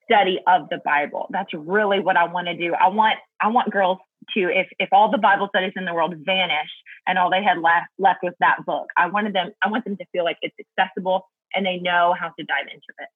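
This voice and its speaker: A woman's voice: lowish voice, fairly quick, few pauses, slightly rough, no echo, phone-quality sound. A woman guest talking earnestly and thoughtfully about Bible study in a casual faith chat, laughing easily.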